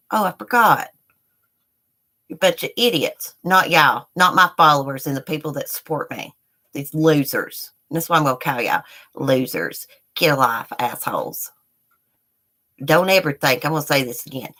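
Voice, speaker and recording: A woman's voice: deep voice, animated, normal speed, sharp tone. A middle-aged woman on a live stream, ranting angrily at her viewers with heated, profane talk. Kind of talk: angry live-stream rant.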